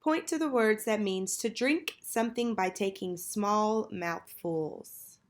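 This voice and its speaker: A woman teacher leading a children's phonics lesson, patiently prompting and pausing for answers. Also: medium pitch. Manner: slow, patient, call-and-response prompting.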